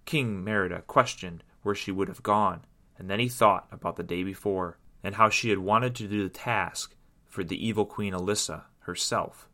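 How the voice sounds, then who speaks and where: A man reading a children's story aloud in an expressive, sing-song storytelling way. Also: deep voice, normal speed.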